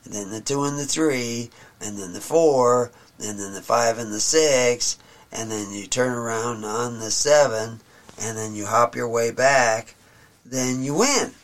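A man teaching from the Bible, reading verses slowly and solemnly and then explaining them in plain talk. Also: mid-range voice.

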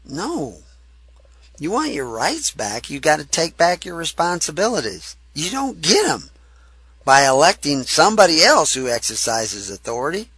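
A man with a Texas drawl preaches with lively swings of pitch, his voice bright and a little husky. He talks in a folksy, emphatic way, building up in bursts. The sound is dry and close. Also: moderate pace, no room sound. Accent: Southern US (Texas). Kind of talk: sermon.

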